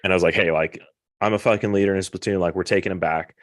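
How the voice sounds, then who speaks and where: A very deep-voiced young man spins a rambling story packed with swearing, talking casually like a podcast host. The sound is dry and close, with no room around it. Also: racing, no echo. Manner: profane, rambling, animated retelling.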